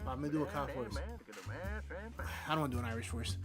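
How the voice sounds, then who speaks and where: A young man streaming a video game, talking casually in a brash, profane, jokey way that swings between muttering and loud outbursts. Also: mid-range voice, very animated, a little fast, loud music behind the voice. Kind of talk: casual live-stream commentary.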